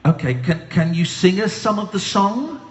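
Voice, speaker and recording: A man hosts a live comedy show with a high, animated voice and a teasing, deadpan manner. The sound is echoey and a little dull, like a live room recording. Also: moderate pace. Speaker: host. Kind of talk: live comedy radio chat. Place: live stage show with audience.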